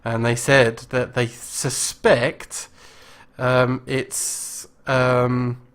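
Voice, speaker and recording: A man talks casually on a live game stream, rambling through his thoughts with plenty of pauses and restarts. His voice sits at an ordinary middle pitch. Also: level tone, a bit bright, clean tone. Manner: rambling, lots of ums and restarts. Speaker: streamer hosting a live show.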